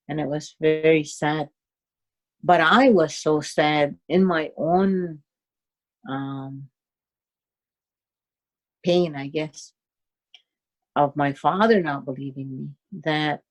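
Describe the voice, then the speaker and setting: A woman telling a personal story in a halting, unhurried way, with many fillers and restarts. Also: sits low, a little mellow. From Cayuga Nation, Six Nations of the Grand River, Canada.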